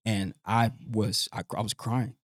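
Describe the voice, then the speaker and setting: A man's voice: lowish voice, fairly even intonation, a little slow, no room sound, studio quality. Earnest man retelling a hard story. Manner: earnest, repeats words and restarts, acts out his father's speech. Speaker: guest. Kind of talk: emotional personal storytelling.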